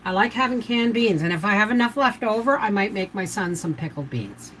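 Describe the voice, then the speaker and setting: This older woman's homestead livestream is casual and chatty as she rambles through step-by-step canning instructions. She sounds animated and brisk, with a medium pitch and fairly bright tone, though the audio is poor with slight background noise.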